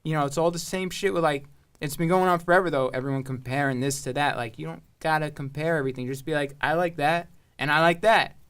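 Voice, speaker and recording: A young man from Long Island with a high-pitched voice, chatting casually and swearing freely, with a loose, laughing manner. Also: steady tone, fast talker, fairly bright tone, clean tone. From Long Island, New York. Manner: loose, profane, laughing a lot. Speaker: rapper. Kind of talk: casual chat.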